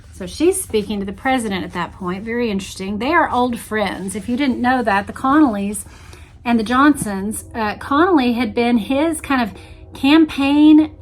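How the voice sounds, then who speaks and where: A woman leads a book-based history discussion. Her voice sits a little high, and she reads quoted passages aloud with shifting inflections before pausing to muse on them. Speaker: host reading from a history book.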